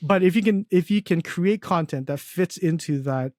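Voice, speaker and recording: A man's voice: sits high, normal speed, darkish tone, no echo, clean studio sound. A young man talking casually as a podcast guest, rambling with lots of fillers and restarts and laughing at his own stories. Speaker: podcast guest, agency founder. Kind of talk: casual interview chat.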